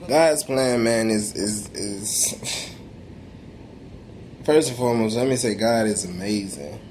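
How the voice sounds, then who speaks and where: A man's voice: on the low side, takes it slowly, a little mellow, a little hiss or hum. Emphatic young man testifying about faith. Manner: emphatic, slangy street talk with repeated restarts; preachy, testifying tone. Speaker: vlogger. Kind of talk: motivational faith talk to camera.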